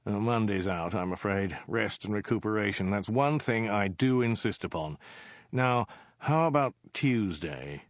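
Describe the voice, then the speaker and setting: In a storybook reading recorded dry and lo-fi, a man with a lowish voice speaks animatedly at a measured pace. He voices a self-absorbed warlord king who dithers through vague excuses with mild hesitations.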